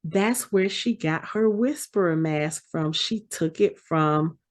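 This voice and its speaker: A woman's voice: on the low side, slow pace. A woman hosting a podcast, animatedly retelling a TV episode and acting out the characters' lines. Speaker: podcast host. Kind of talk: casual episode recap.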